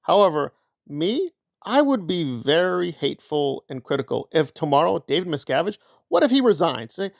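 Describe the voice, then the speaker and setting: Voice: mid-range voice, big pitch swings, moderate pace, vocal fry, no room sound, clean studio sound. A commentator giving opinion commentary in a sarcastic, argumentative way.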